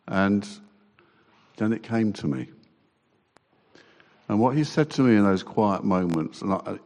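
A man giving a halting, emotional personal testimony to a church congregation. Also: deep voice, a little mellow. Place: church hall. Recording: long church reverb.

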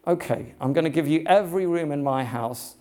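A man preaching voices a troubled homeowner in a story, pleading and anxious, his voice lifting higher. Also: brisk, dark tone, natural voice. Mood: bargaining.

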